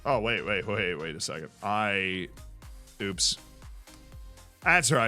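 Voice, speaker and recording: A man's voice: on the low side, takes it slowly, long pauses, sharp tone, faint music behind. A man streaming a football management game, chatting casually, reacting to the match and answering his chat. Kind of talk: live gameplay commentary.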